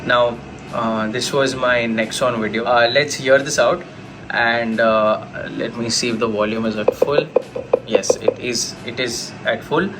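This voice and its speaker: A man's voice: medium pitch, fairly even intonation, a little slow, very noisy. Chatty man reviewing a laptop. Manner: chatty, talks straight to viewers. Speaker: tech YouTuber. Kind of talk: casual product review.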